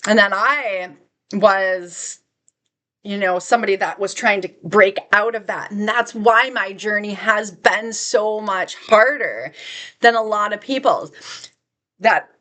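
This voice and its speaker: A woman of middle pitch tells a personal spiritual story in an earnest, heartfelt voice. She rambles and restarts, slips in soft little laughs, and stretches the words that matter to her. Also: slow pace. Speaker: spiritual wellness vlogger.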